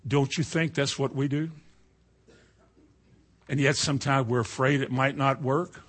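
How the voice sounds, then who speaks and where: Folksy preacher man, bright voice. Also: mid-range voice, fairly even intonation, a little slow. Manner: folksy storytelling, swings from quiet to loud. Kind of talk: sermon.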